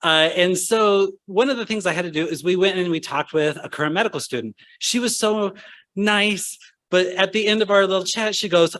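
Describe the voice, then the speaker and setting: Animated young man telling a funny story. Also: sits high, moderate pace. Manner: animated, acts out voices in his anecdotes. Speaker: speaker at a medical school ceremony. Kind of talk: humorous storytelling speech.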